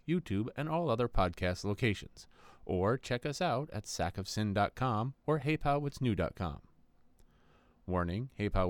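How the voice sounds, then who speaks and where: A man reading a scripted podcast introduction and warning in a lively, mock-serious way. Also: fairly low pitch, no echo. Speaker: announcer.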